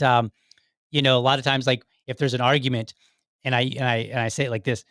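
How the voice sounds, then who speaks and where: A man's voice: medium pitch, fairly bright tone, dry recording, clean studio sound. An American man in his forties hosting a podcast, giving casual advice in a rambling, conversational way with frequent restarts. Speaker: podcast host.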